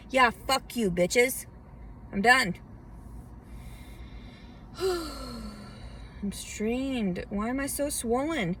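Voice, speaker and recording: A woman vlogger venting to camera from inside her car, ranting angrily with heavy swearing. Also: mid-range voice. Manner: agitated, heavily profane ranting. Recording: distant mic with faint car noise.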